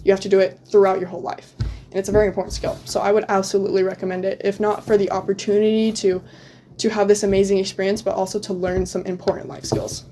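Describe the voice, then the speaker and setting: A woman's voice: medium pitch, little pitch movement, fast, mellow, soft background music. A teenage girl talking casually as an interview guest about her exchange year, full of "um" and "like" fillers. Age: teens. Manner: chatty, many "um" and "like" fillers, laughs often. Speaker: guest, returned exchange student.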